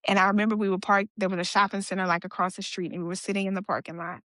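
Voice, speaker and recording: A woman's voice: mid-range voice, little pitch movement, very fast, fairly bright tone, no echo. Woman retelling her story, dry close sound. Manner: conversational, retelling events with quoted dialogue and fillers. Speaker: guest sharing her story. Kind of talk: personal storytelling in a podcast interview.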